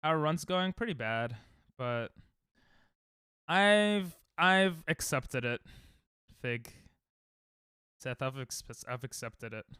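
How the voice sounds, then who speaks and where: A man's voice: medium pitch, expressive, slow pace, long pauses, pushed and bright, clean tone, no echo, studio quality. A young man casually chatting with viewers during a livestream, rambling and self-deprecating, often restarting his sentences. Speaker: streamer. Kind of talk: casual livestream chat while speedrunning.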